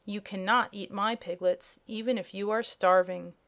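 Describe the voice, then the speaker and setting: A small older wizard talks in a calm, measured, explaining manner. He sounds genial and frank, as a woman reading the story puts him on. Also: medium pitch, close to an everyday voice. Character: little old humbug wizard, man, genial. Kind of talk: audiobook character voice.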